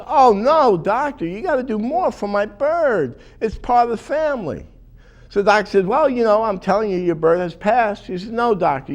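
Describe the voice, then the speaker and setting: A man doing a stand-up comedy routine, telling chatty stories with deadpan punchlines. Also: sits high.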